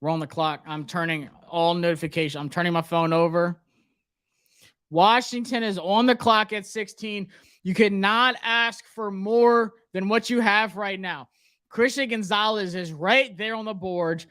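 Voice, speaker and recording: A young man hosting a live sports draft reaction stream, nervous and excited, talking to himself and his viewers. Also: high voice, measured pace, clear, resonant tone. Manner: anxious, excited, talks to himself. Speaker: sports livestream host.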